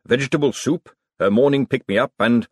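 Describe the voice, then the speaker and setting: A man's voice: mid-range voice, normal speed, darkish tone, slightly rough, no echo, studio quality, voice pushed up, lightly acted. A man voicing a nervous, hapless male chef who talks apologetically and miserably.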